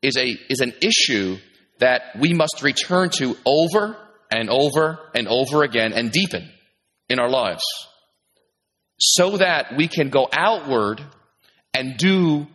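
Bright-voiced man preaching in a reverberant hall. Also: mid-range voice, lively intonation, a little slow. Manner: conversational preaching with many fillers. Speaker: pastor. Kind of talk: sermon.

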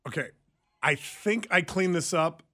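A man's voice: a little high, slight background noise. A man co-hosting a radio show, ribbing his partner and telling stories in casual banter. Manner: quick to rib, storytelling, animated. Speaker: radio co-host. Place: radio studio.

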